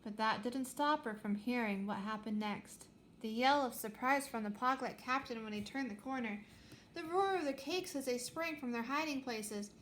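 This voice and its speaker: A woman reading a children's space adventure aloud with lively, expressive storytelling. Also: a little high, moderate pace, slight background noise. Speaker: reader.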